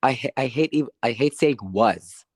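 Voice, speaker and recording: A man's voice: mid-range voice, moderate pace, husky, dry recording, studio quality. A man co-hosting a podcast, ranting in a frustrated, rambling way and repeating that he doesn't know. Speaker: podcast co-host. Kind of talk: casual movie review chat.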